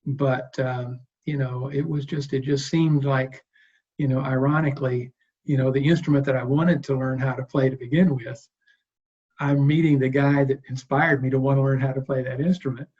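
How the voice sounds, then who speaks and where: A man in his sixties with a husky, slightly breathy voice tells long, wandering anecdotes as a guest in an interview. His delivery is relaxed and conversational. The recording sounds dull and lo-fi. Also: mid-range voice, normal speed. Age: 60s. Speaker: guest bass player. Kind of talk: interview storytelling.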